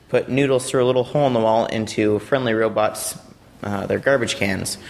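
Eager young man explaining a robot. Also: lowish voice. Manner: eager, rambling explainer with playful asides. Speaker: robotics team member. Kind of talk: casual explanatory chat.

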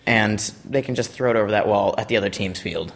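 A man's voice: lowish voice, quick pace, creaky. A young man from a robotics team giving a casual, rambling explanation of a competition robot, with playful asides.

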